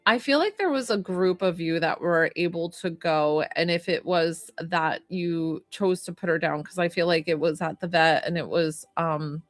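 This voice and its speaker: A woman's voice: on the low side, normal speed, hardly any pauses, no room sound, soft background music. A young adult woman doing a psychic reading on a casual livestream, talking in a chatty, emotional way with lots of fillers.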